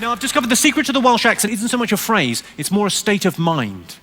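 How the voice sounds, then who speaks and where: High-voiced stand-up comedian in a hall. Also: male voice. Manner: deadpan, quick delivery with crowd work. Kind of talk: stand-up routine. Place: large theatre stage. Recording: live hall recording with crowd noise.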